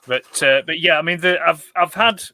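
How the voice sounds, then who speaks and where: Bright-voiced man chatting casually. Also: a little high, normal speed. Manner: rambling, with many restarts. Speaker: co-host of a toy collector chat. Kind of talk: casual chat.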